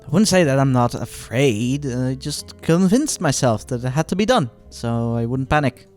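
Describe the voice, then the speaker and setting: A man's voice: mid-range voice, animated, moderate pace, darkish tone, soft background music. A Dutch-speaking man with a Dutch accent, reading a visual novel's protagonist aloud, giggly and self-mocking. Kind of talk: casual visual novel read-through.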